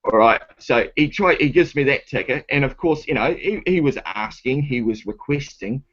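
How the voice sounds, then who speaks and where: A husky-voiced man, ranting and argumentative as he tells his story and swears freely. His voice sits at an ordinary pitch. The recording sounds dull and lo-fi. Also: animated, moderate pace, fairly bright tone. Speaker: guest telling a story. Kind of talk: casual storytelling.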